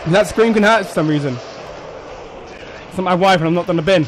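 High-voiced excitable male gamer. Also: racing, a little hiss or hum. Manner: excitable, shouts and laughs at the game. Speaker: gameplay commentator. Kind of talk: let's play commentary.

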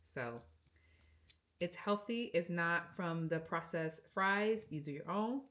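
A woman vlogger chatting to her viewers while cooking, warm and encouraging, recorded without a mic in a home kitchen. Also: fairly low pitch, expressive, takes it slowly. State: sick, under the weather. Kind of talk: casual chat while cooking. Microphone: no mic, camera's built-in mic.

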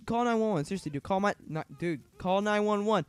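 A man giving casual, joking commentary over a life-sim game, getting frantic and yelling at the screen. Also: high-pitched, a little fast, few pauses, background noise. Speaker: gaming commentator.

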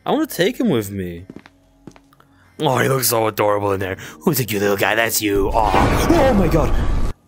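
A young man giving casual commentary while he plays a game, excitable and cooing at a creature in baby talk. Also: lowish voice, normal speed. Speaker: gaming video creator.

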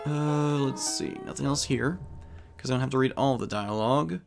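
A man talks through a video game in a relaxed, chatty way, reading bits of dialogue aloud between his comments. His voice sits at an ordinary middle pitch. Plucked guitar music plays clearly behind him. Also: normal speed. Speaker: let's play commentator. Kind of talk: casual gameplay commentary.

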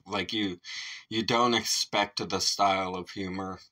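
Reaction host, laid-back man with a low, bright voice, picked up from a distance. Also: steady tone. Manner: laughs often, swears casually, slow drawl. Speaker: music reaction video host. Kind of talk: casual reaction commentary.

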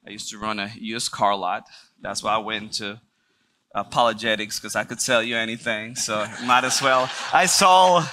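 A man speaking to a church group with a bright, forceful voice. He is earnest and talks straight to the people in the room, asking questions and sharing his own story. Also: fairly low pitch, moderate pace, slight background noise. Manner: engages the audience with questions and jokes. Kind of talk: personal testimony talk to a group.

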